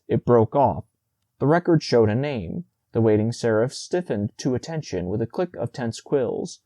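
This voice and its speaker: A man narrating a classic short story as an audiobook, in a measured storytelling manner. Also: medium pitch, sing-song, mellow, no echo.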